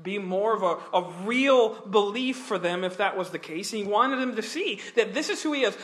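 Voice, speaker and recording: A man's voice: high voice, expressive, normal speed, hardly any pauses, fairly bright tone. A man preaching a Bible study sermon, talking earnestly and emphatically, with some restarts. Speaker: pastor.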